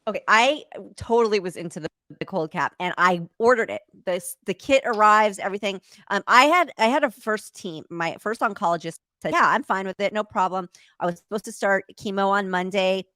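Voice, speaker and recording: A woman's voice: mid-range voice, a little fast, few pauses, sharp tone, no room sound. Matter-of-fact woman in a dry room. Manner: open, matter-of-fact, easygoing. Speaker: podcast host. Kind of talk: candid casual chat.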